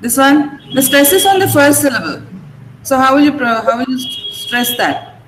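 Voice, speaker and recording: A woman teaching English in an online class, her voice sitting a bit high. She says each word slowly, repeats it several times and asks her pupils questions. Faint background noise runs under her voice. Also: rough recording.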